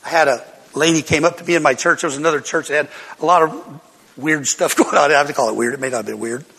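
A man's voice: a little high, quick pace, creaky, fairly bright tone, breathy edge, big-room sound. An older man, a pastor, telling a personal testimony to his congregation as an emotional storyteller who laughs between lines.

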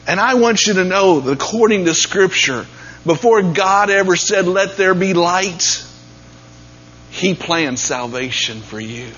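A man preaching a sermon, dropping to near-whispers and then rising to loud, emphatic peaks. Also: high-pitched, animated, unhurried. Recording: dull lo-fi sound with faint mains hum.

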